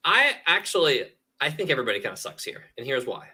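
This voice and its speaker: A man co-hosting a casual streamed podcast, joking and animated, often slipping into quoted voices. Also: mid-range voice, fast talker. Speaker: podcast co-host.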